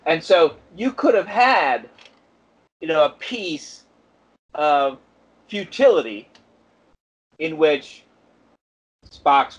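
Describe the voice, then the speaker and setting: A man with a somewhat high, husky voice, talking on a casual podcast. He rambles and thinks aloud with many asides. The audio sounds dull and lo-fi. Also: lively intonation, drawn-out words, long pauses. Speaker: podcast co-host.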